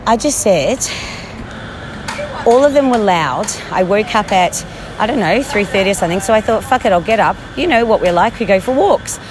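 A woman's voice: mid-range voice, lively intonation, moderate pace, background noise. A shaken, anxious woman rambling through a live stream while walking outdoors on a street, talking into a handheld phone. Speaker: livestreamer.

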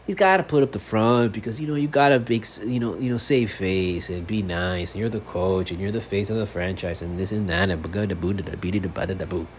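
A man's voice: lowish voice, a little fast, hardly any pauses. A man hosting his own sports fan podcast, delivering a profane, fired-up monologue. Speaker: podcast host. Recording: faint background noise.

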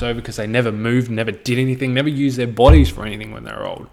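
A man's voice: mid-range voice, steady tone, racing, vocal fry, few pauses, a little mellow. A young Australian man talking straight to camera in a loose, rambling monologue, swearing freely and often trailing off mid-thought. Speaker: vlogger.

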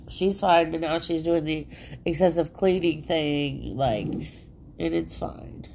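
A woman's voice: low voice, slow pace, vocal fry, long pauses, warm tone, slight background noise. A woman hosting her own podcast from home, rambling in a casual, profanity-laced monologue full of "like," her nose congested. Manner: profane, rambling, heavy filler "like". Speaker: solo podcast host.

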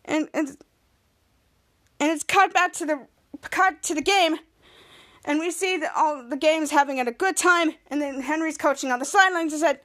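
A woman's voice: sits high, moderate pace, pauses often, fairly bright tone. A woman hosting a podcast, retelling a TV episode in a rambling way with many restarts and acted-out lines. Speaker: podcast host. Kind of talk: casual episode recap.

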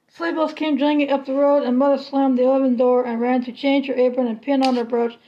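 A woman reading a children's novel aloud in a steady, unhurried storybook manner. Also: sits high, highs cut off. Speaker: reader.

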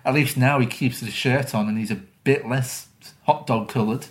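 A man's voice: mid-range voice, steady tone, normal speed. A man co-hosting a podcast, trading dry, witty quips about films. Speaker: podcast co-host. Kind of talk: casual film review chat.

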